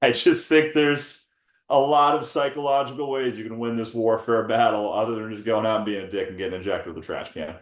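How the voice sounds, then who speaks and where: A man's voice: lowish voice, brisk, echoey room. A man co-hosting a podcast in casual chat, rambling and joking with plenty of swearing. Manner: rambling, jokey, swears freely. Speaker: podcast co-host.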